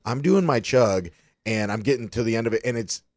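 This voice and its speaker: A man's voice: medium pitch, animated, fairly quick, dry recording, studio quality. A man co-hosting a casual podcast, telling stories in a laid-back way, often laughing and saying "yeah.". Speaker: podcast co-host. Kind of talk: casual chat.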